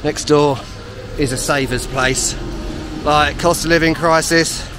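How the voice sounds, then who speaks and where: A man's voice: a little high, fairly even intonation, a little slow, noisy background. A man with a West London accent walking and talking to camera in a travel vlog, full of dry sarcastic humor. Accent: West London (Hounslow). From Hounslow, London. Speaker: travel vlogger. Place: outdoors on windy town streets.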